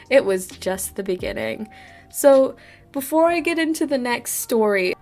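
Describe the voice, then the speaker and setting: A woman vlogger telling childhood stories in a casual, animated way, laughing often. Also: fairly high pitch. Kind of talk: casual storytime chat.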